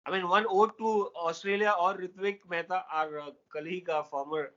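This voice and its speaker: A man with an Indian accent co-hosting a casual cricket chat, excitable and laughing, slipping into Hindi. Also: sits high, moderate pace, dull audio. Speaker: co-host.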